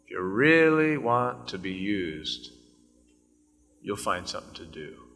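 A man's voice: mid-range voice, animated, a little slow, long pauses, a bit bright, in a large hall, soft background music. A man preaching an evening sermon as pastor, talking conversationally and swelling into fervent scripture reading.

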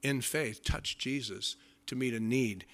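A man as a pastor giving a sermon in a conversational, folksy storytelling way, swinging between loud emphasis and hushed, low passages. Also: measured pace.

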